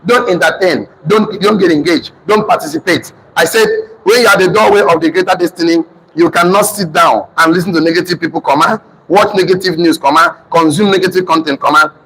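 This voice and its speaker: Nigerian guy teaching a motivation class, high voice, super emphatic, keeps repeating stuff. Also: brisk, a bit bright, slight background noise, low-quality recording. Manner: emphatic, repetitive, drills the audience in call-and-response.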